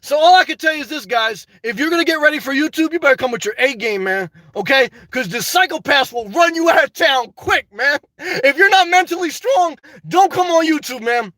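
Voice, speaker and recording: An older man with a very high, bright voice chats on a live stream, answering viewers one by one. He talks bluntly and unfiltered, with plenty of swearing, and the sound is close and dry with no room echo. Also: expressive, a little fast. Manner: keeps answering viewers by name. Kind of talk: casual live-stream chat, reading viewer comments.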